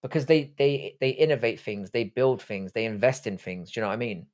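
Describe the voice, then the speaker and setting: A man's voice: mid-range voice, a little fast, darkish tone. A middle-aged man with a posh English accent, hosting a casual live stream with rambling, sweary chat. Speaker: livestream host.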